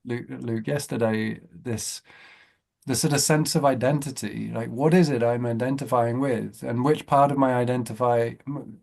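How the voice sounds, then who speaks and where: A man's voice: mid-range voice, gravelly, a little mellow. A man in a reflective casual chat, talking thoughtfully and repeating words as he works out his ideas. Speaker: self-inquiry group member. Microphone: video call.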